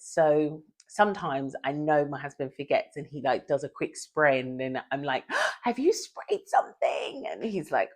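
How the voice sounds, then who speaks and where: A woman vlogging from home in casual chat, chatty and confiding, often out of breath. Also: low-pitched.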